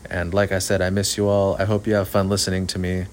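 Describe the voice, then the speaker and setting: A man hosting a casual solo podcast, ranting in a flat, monotone way, swearing often and rambling. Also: low-pitched, quick pace, a little hiss or hum. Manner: profane, rambling, self-aware. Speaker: podcast host. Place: outdoors at night near an apartment complex. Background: sprinklers.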